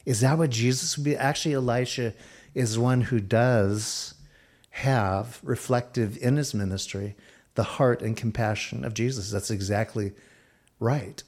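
A man preaching a sermon, expressive, shifting his pace and dropping softer for quoted lines. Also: medium pitch, measured pace. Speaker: pastor.

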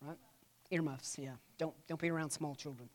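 A church history teacher talks casually to a class, drifting into side stories and acting out the quotes. The tone stays chatty, with teasing asides, and the pitch sits in a middle range. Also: fairly even intonation, moderate pace. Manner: retells stories with acted-out quotes.

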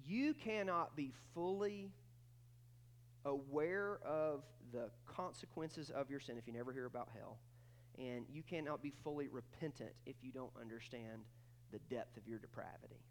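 A man preaching a sermon with emphatic swings between loud, high bursts and quiet, low stretches, often repeating words as he starts a thought. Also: unhurried, slight background noise. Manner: acts out quoted voices in dialogue. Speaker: pastor.

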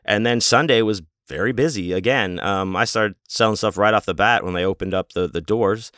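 A man's voice: lowish voice, a little fast, fairly bright tone, dry recording, studio quality. A man casually telling a rambling, amused story with lots of fillers and restarts.

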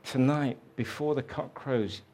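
A man preaches a sermon, telling a story slowly and reflectively and raising his voice for the quoted lines. His voice is medium-pitched and a little mellow.

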